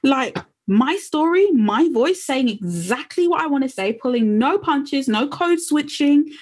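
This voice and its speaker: Woman podcast host, casual chat, lively when she tells her own story. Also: a little high, husky.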